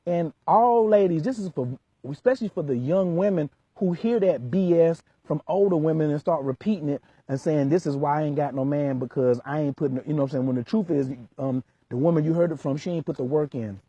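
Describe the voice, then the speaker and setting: A man's voice: fairly high pitch, brisk, few pauses, warm tone, slightly rough, dry recording, muffled recording. A man working as a relationship coach, lecturing hard in an emphatic vlog rant full of street slang.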